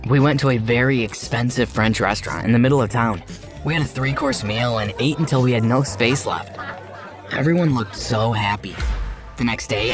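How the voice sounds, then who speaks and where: A narrator telling a first-person storytime tale in a steady, even manner, over background music. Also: medium pitch.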